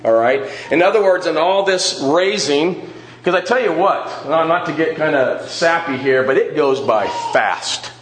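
A middle-aged man leads a church Bible class in an earnest, questioning way. His voice sits a bit high for a man. The room adds a noticeable echo. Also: a little slow, a little hiss or hum. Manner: earnest, asks the group questions, often adds "all right?". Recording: echoey room.

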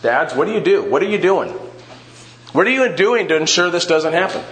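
A man's voice: fairly high pitch, big pitch swings, brisk, fairly bright tone, a little hiss or hum. A middle-aged man leading a church Bible class, earnest and often checking in with the group with "all right?". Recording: echoey room.

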